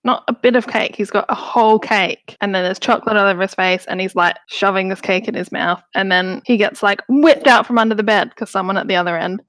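A woman's voice: mid-range voice, fairly quick, hardly any pauses, fairly bright tone, no room sound. A woman casually recapping a film on a podcast, rambling with lots of fillers. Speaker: podcast co-host.

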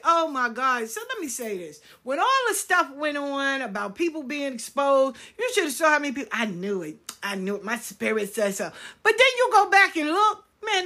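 Blunt, bright-voiced woman ranting. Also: high voice. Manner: blunt, profane, emphatic. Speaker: spiritual card reader. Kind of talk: casual rant to viewers.

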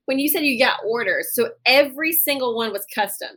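A woman's voice: a little high, a little fast, a bit bright. A woman podcast host asking follow-up questions in a casual interview. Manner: brief supportive backchannel, follow-up questions.

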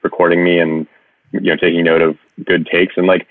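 A man's voice: low voice, flat delivery, brisk, no echo. A man guesting on a podcast in casual chat, talking with many hesitant restarts. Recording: tinny phone-like line, dry.

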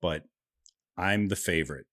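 Dry-humored middle-aged man, low voice. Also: unhurried, a bit bright. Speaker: podcast co-host. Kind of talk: casual chat.

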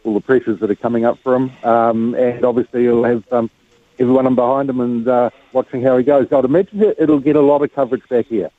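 A man's voice: medium pitch, steady tone, no echo. Man on a tinny phone line. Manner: halting, filler-heavy. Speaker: phone-in guest, golf commentator. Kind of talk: casual sports radio chat.

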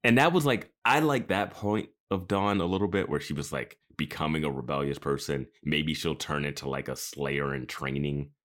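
A man co-hosting a podcast, chatting in a rambling, animated way. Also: rumbling low, moderate pace, hardly any pauses. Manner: animated, rambling, bursts of laughter. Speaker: podcast co-host. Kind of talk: casual chat.

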